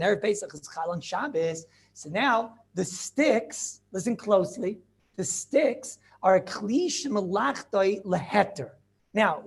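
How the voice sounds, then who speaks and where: A male rabbi gives an animated Talmud lesson in a classroom, firing off rhetorical questions and joking asides to his students. His voice has a gravelly edge and a husky grain. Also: high voice.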